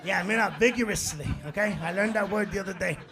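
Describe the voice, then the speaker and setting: Stand-up comic, man in his forties, high voice, animated storyteller, live club recording with loud crowd laughter. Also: quick pace, vocal fry. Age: 40s. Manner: animated storytelling, acts out quotes, works the crowd. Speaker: stand-up comedian. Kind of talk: stand-up comedy set. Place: comedy club on stage. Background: audience laughter.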